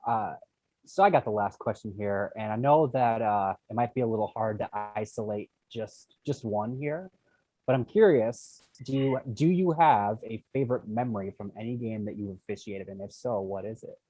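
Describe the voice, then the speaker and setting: A man's voice: lowish voice, moderate pace, warm tone. A man co-hosting a podcast, asking a hesitant, thoughtful interview question. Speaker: podcast co-host.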